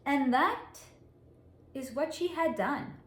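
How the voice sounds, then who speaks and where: A woman psychic reader telling a story in a monologue, with deliberate dramatic pauses and frequent laughs. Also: high voice, lively intonation. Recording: echoey room.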